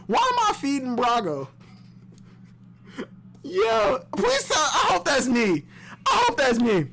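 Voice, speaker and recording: A man streaming a live comic-chapter reaction, excitable and slangy, breaking into high shouts and laughter and repeating himself. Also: slow pace, pauses often, a little hiss or hum.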